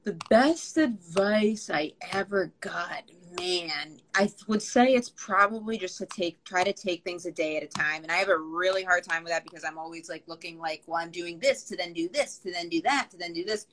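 A woman's voice: on the low side, normal speed, few pauses, fairly bright tone, a little hiss or hum, low-quality recording. A woman guest in a casual chat, talking in a chatty, self-mocking way.

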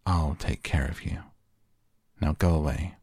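A man's voice: rumbling low, fairly even intonation, measured pace, vocal fry, darkish tone, breathy edge, no echo, studio quality, heavily acted. A man voicing a spoiled, demanding sickly boy who gives orders grandly in a storybook reading. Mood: imperious. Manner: commanding, grand.

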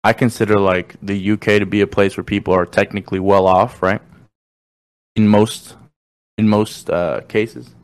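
A man's voice: lowish voice, steady tone, moderate pace, smooth, no room sound. A young man from Mexico hosting a podcast, talking loosely with slang, jokes and swearing. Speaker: podcast host. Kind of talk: casual chat.

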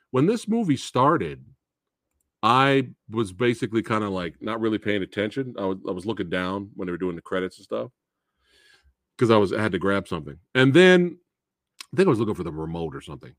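A man's voice: medium pitch, no echo, studio quality. A man hosting a live movie Q&A, ranting casually with frequent swearing and laughter. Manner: animated, profane, laughs often, restarts.

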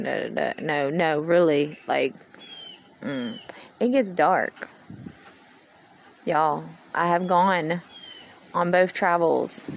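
Woman, 30s, low gravelly voice, meandering heartfelt vlog monologue, faint hum behind. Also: low-quality recording. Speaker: vlogger. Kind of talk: rambling personal monologue.

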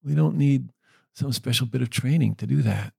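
A man who works with the dying, telling a story in a gentle, earnest way. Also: medium pitch, normal speed, gravelly, slightly rough, dry recording. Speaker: end-of-life caregiver. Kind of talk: reflective storytelling.

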